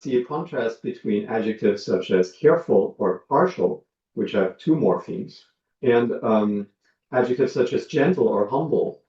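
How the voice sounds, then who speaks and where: A man's voice: medium pitch, dark tone. Man giving a roomy lo-fi lecture. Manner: measured, many ums and uhs, explains with examples. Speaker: linguistics lecturer. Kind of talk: academic lecture. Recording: dull lo-fi sound, roomy, from a distance.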